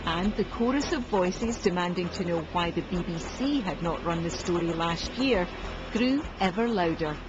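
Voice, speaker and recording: A narrator reading a scripted documentary in a measured, grave way. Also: mid-range voice, animated, noisy background. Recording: dull audio under music. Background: music bed.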